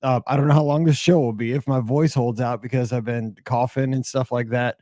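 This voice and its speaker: Hoarse middle-aged male podcast host, chatty and rambling, dark mellow voice, dry close mic. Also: mid-range voice, fairly even intonation, a little fast, no echo. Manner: chatty, rambling, with many fillers and restarts. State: hoarse from a cold and asthma. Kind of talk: solo podcast monologue.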